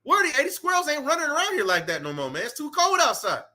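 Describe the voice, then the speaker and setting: Out in the cold, a male street preacher reads scripture and preaches with fervent intensity, dropping "man" and "right" repeatedly between verses. He speaks quickly in an extremely high voice full of huge pitch swings. His tone is bright and forceful.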